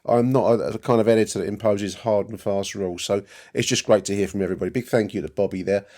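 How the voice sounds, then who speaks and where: Chatty podcast host, low voice, rambling delivery. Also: male voice, fairly even intonation, quick pace, warm tone. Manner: chatty, rambling, fond of "dear listeners". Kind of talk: casual podcast talk.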